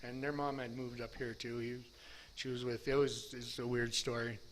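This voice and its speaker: A man's voice: mid-range voice, flat delivery, moderate pace, a bit bright, slight background noise. A middle-aged man telling his recovery story as personal testimony, candid and self-deprecating, full of restarts.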